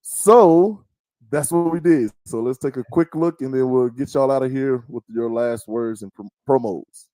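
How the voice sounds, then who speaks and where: In a small podcast studio, a middle-aged man from the American South hosts a casual, chatty show, telling stories and mimicking voices. His voice is mellow and medium-pitched at a moderate pace, with no room sound.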